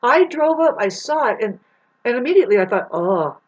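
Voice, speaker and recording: Husky woman telling a rambling story. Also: sits high, expressive, fairly quick, dull audio. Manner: rambling, swears, acts out the people in her story with big voice swings. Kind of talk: casual storytelling monologue.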